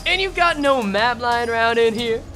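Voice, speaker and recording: A woman voicing a gruff, boastful cowboy man in a put-on Texas drawl with folksy cursing. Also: on the high side, lively intonation, normal speed, a bit bright, soft background music. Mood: grumbling drawl.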